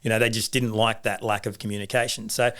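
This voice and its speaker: Speaking quickly in a lowish, flat voice that sounds fairly bright and clean, this middle-aged Australian rugby league coach shares anecdotes as a guest in a casual interview. He restarts often and performs the voices of people he quotes.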